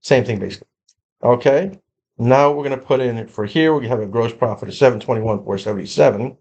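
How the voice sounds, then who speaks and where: A man's voice: mid-range voice, brisk, a little mellow, highs cut off. A man teaching an accounting lesson, explaining spreadsheet entries in a conversational way with frequent repeats and restarts. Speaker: accounting instructor. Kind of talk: screen-recorded lecture walkthrough.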